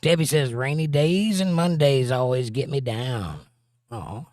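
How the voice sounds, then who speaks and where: A man's voice: medium pitch, unhurried, a little mellow, no room sound. A middle-aged man hosts a livestream in a loose, joking way and reads out viewer comments between crude asides. His voice is recorded close and dry, with no room sound around it. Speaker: livestream host and musician. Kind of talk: casual chat, reading viewer comments aloud.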